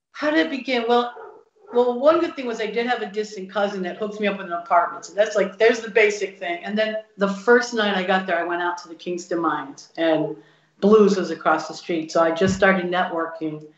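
A woman's voice: mid-range voice, normal speed. Lady guitarist spinning stories, does the voices of the people she quotes, roomy and kinda dull audio. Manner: lively storyteller acting out quoted people. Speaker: blues guitarist guest. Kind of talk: casual storytelling interview.

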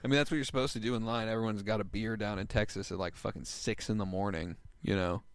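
A man's voice: on the low side, fairly even intonation, fast talker, smooth, no room sound. A young man casually telling a story, full of "like" and "you know" and swearing. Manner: rambling, swears a lot, fillers like "like" and "you know".

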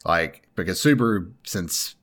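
A man in casual chat about an anime, animated and full of "like", quoting the characters in bits of voices. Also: sits low, a little slow. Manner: animated, lots of "like", jumps between his own and other voices.

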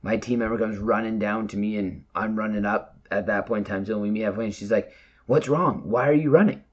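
A man casually telling a personal story in an animated, profane way, jumping between hushed and shouted moments. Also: on the low side, fairly quick, muffled recording. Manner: animated, profane, breathless retelling with shouted quotes.

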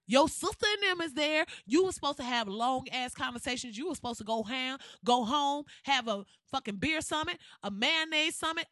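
Blunt, sarcastic woman podcaster, slightly high voice. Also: no echo, clean studio sound. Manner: blunt, profane, sarcastic, animated. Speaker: podcast host. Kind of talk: podcast rant.

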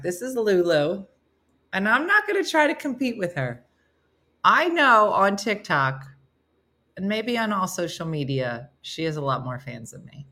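A woman with a New Jersey accent chats through her live morning show. Her voice sits on the low side but swings widely, and she jokes and laughs between viewer comments. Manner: animated, joking, laughs often. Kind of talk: casual chat reading viewer comments.

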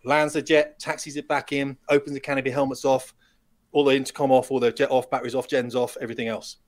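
A middle-aged man, a retired pilot, telling lively anecdotes as a podcast guest and acting out the dialogue. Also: medium pitch, quick pace. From United Kingdom. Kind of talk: storytelling in a podcast interview.

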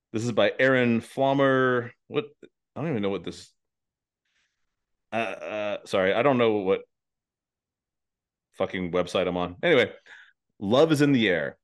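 A man's voice: on the low side, normal speed, pauses often, clean tone. A man hosting a casual comedy podcast, talking loosely and profanely and laughing often.

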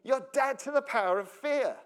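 A man's voice: very high-pitched, moderate pace. A man preaching a sermon as pastor, chatty and joking, often laughing and asking the congregation questions. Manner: jokey, laughs often, breaks up mid-sentence; conversational, asks the congregation questions.

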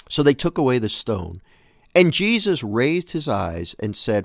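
A man's voice: medium pitch, big pitch swings, unhurried, no room sound, clean studio sound. A man hosting a show, reading scripture aloud and reflecting on it in an earnest, emphatic way. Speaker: host.

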